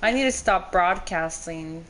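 A woman's voice: fairly low pitch, animated, a little slow, a loud crowd. A woman streaming and chatting casually in a laid-back manner, swearing now and then. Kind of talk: casual chat.

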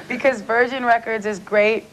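A woman's voice: a little high, slight background noise, poor audio. A woman appearing as a guest on a talk show by remote link, chatty, giggly and self-deprecating. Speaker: celebrity guest. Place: remote link from New York.

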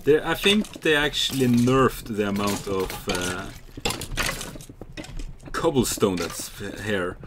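A young man giving casual, chatty commentary while playing a game, excitable and swearing freely. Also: lowish voice, takes it slowly, long pauses, noisy background. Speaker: gamer.

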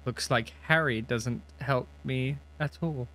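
A man's voice: medium pitch, takes it slowly, bright, forceful tone, slight background noise. Young man reading a visual novel aloud. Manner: casual, swears often, laughs between lines. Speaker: gaming streamer.

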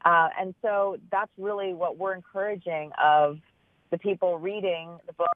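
A woman's voice: on the low side, steady tone, moderate pace, no room sound. A woman author and business owner giving earnest, thoughtful answers in an interview, often restarting her phrases as she searches for the words. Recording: tinny phone line.

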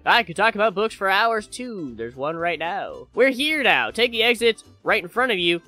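A man's voice: sits high, very animated, normal speed, pushed and bright, faint music behind, voice pushed up, heavily acted. A man voicing an overly friendly, odd male neighbor in a game, in a sing-song, over-eager tone. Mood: chatty.

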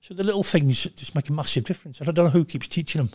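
An older man in his sixties, talking bluntly and with lots of swearing in a casual interview, telling animated stories. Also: a little high, racing, husky, no room sound. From Wales. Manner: blunt, profane, animated storytelling. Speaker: guest, former goalkeeper.

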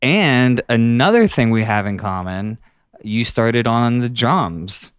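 A man's voice: medium pitch, animated, slow pace, smooth, no room sound. Guy interviewing a singer in a studio, jokey and teasing, clean dry voice. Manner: jokey, teasing, self-deprecating. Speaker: interviewer, host. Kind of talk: casual interview chat.

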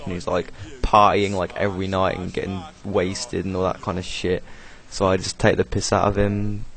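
Rambling young British man, low voice. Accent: British English. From Britain. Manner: rambling, chatty, swears casually, laughs often. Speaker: video creator doing commentary. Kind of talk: casual commentary over own video.

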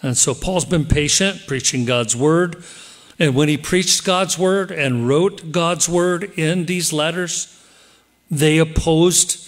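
A man preaches a sermon in church with an animated, direct delivery. His voice sits a little high for a man. Now and then he acts out the voices he quotes. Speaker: pastor.

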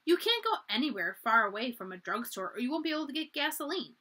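Lady reading as a spirited little girl, high bright voice, lots of bounce. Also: sing-song, quick pace, heavily acted. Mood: teasing. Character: eager young girl, earnest and spirited.

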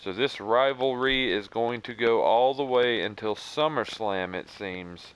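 A man's voice: medium pitch, unhurried, fairly bright tone, clear, resonant tone. A man commentating on his own game playthrough in a casual, rambling, wry way. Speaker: gaming commentator. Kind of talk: let's play commentary.

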